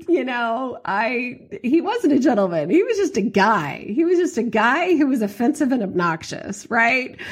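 A woman hosting a podcast, telling a story in a chatty, animated way with lots of fillers. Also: medium pitch, breathy edge. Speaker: podcast host. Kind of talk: casual storytelling monologue.

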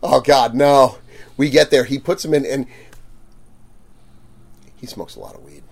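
A man telling stories in a casual chat, animated, laughing and acting out quotes loudly. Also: mid-range voice, normal speed, vocal fry, husky. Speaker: guest vendor.

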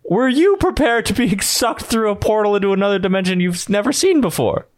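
A young man playing a tabletop game, asking deadpan, playful questions. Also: sits high, fairly quick. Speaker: player. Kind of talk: casual tabletop play.

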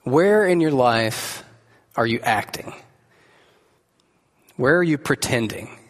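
A man's voice: mid-range voice, animated, takes it slowly. A man preaching a sermon to a live congregation in an earnest, conversational way, asking his listeners direct questions. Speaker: pastor. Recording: echoey hall reverb.

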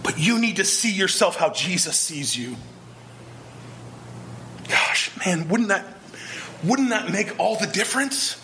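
A man's voice: high-pitched, lively intonation, measured pace, pauses often, background noise. A male pastor preaching a sermon, earnest and emphatic, pressing his point with repeated rhetorical questions.

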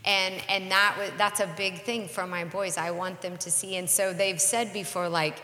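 Co-host: woman in her 40s, bright and earnest, candid storyteller, roomy reverberant sound. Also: medium pitch, steady tone, slight background noise. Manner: earnest, reflective, measured. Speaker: podcast co-host.

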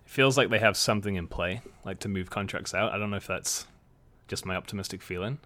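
Man, low voice, tentative podcast co-host, hedging. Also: fast, pushed and bright. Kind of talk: casual sports chat.

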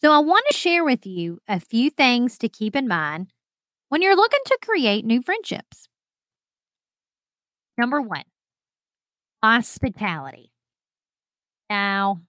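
A fairly high-voiced woman talks straight to her listeners in a solo podcast. Her manner is bubbly and chatty, and she laughs often. The sound is dry and close. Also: very animated, takes it slowly, long pauses, fairly bright tone, no room sound. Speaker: podcast host.

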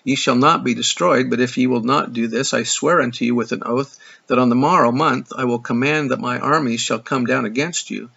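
A man lending his voice to a haughty chieftain of robbers who writes sarcastic, condescending threats. The tone is mock-polite and gravelly. The recording is dull and lo-fi. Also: mid-range voice, steady tone, fairly quick, pushed and bright, full character voice. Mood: menacing.

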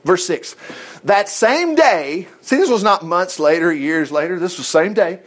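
A man teaches from the Bible, reading passages and breaking in with exclamatory asides. His voice sits high. His pitch rises and falls in wide, animated swings. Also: moderate pace.

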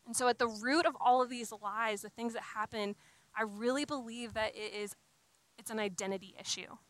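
A young woman delivers a sermon in an earnest, conversational way, often restarting phrases and slipping in casual fillers. Her voice sits a little high and sounds bright and forward. The recording is dry and close. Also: no echo, poor audio. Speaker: speaker giving a talk on faith and singleness.

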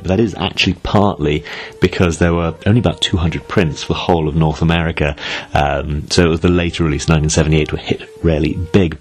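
A man's voice: deep voice, darkish tone. A man from Britain hosting a solo podcast, talking in a chatty, wry way and musing aloud with asides. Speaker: podcast host.

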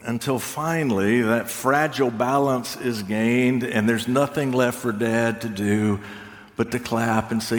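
An older man preaching a sermon, reflective and unhurried, with touches of gentle humor. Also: mid-range voice, steady tone. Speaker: pastor. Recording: long reverb of a large hall.

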